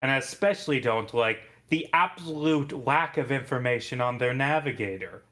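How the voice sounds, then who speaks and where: A man's voice: mid-range voice, a bit bright, natural voice. A man doing a prim, wary ship officer woman. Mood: disapproving. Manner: prim, disapproving, measured. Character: fussy, wary female ship officer who distrusts strangers.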